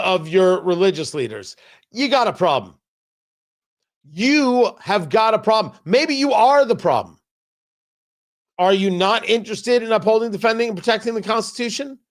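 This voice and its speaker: Man, political talk host, sarcastic, combative, high voice, lively swings in pitch. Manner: combative, sarcastic, emphatic repetition. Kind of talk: opinion monologue.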